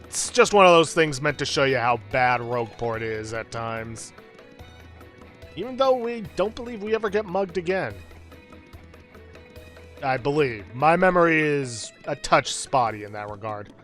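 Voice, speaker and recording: Casual guy doing let's play commentary, kinda high voice, lots of up and down, faint music behind. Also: sing-song, moderate pace, fairly bright tone. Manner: casual, self-deprecating, hedging. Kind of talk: gameplay commentary.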